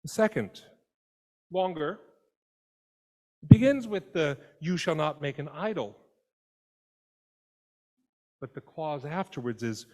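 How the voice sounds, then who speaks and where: A man preaching a sermon in a conversational, expressive way, voicing quoted lines as he goes. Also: a little high, takes it slowly, long pauses. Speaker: pastor. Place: church sanctuary. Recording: long church reverb.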